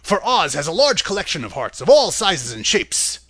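A talkative farmer played by the male storyteller explains in a confident, matter-of-fact way. His voice moves with lively pitch and sits dry and close to the mic. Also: normal speed, breathy edge, no room sound, exaggerated voice. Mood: reassuring. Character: knowing, talkative grown farmer man.

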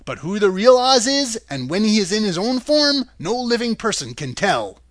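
A man's voice: sits high, very animated, normal speed, no echo, voice pushed up. Man voicing a knowing, talkative farmer. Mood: explaining.

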